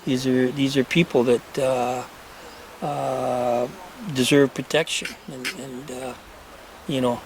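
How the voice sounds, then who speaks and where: A man in a casual chat who speaks earnestly and haltingly, with many restarts. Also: mid-range voice, level tone, crowd noise.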